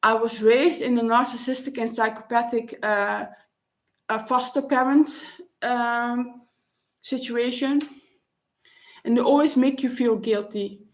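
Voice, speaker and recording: Halting woman, slightly high. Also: fairly even intonation. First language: Dutch. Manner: halting, searching for words with frequent restarts. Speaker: vlogger. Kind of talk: personal reflective monologue.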